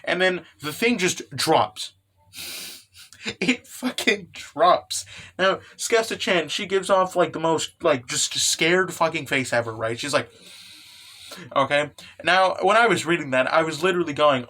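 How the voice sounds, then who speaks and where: A young man casually recapping a comic, energetic and swearing, with lots of fillers. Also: fairly high pitch, measured pace. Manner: energetic, swears, laughs, fillers like "you know" and "okay". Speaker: manga recap host.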